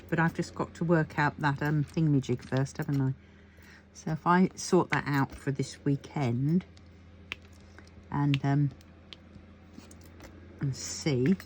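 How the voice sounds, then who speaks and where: Chatty woman with a low voice. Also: darkish tone, a little hiss or hum. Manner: chatty, rambling, thinking aloud with many fillers. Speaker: crafting vlogger. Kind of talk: casual chat to camera.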